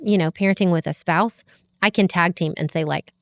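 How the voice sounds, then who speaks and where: A woman's voice: fairly low pitch, fairly quick, no room sound, studio quality. A woman talking through parenting in an earnest, reflective way as a podcast guest. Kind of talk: casual conversation about parenting.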